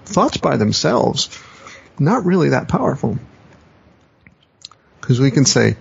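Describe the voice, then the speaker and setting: On a dull, lo-fi podcast recording, a male coach and teacher reflects aloud, repeating and rephrasing his ideas and acting out quoted phrases. He takes it slowly, his medium-pitched voice sing-song, creaky, and slightly rough, broken by long pauses.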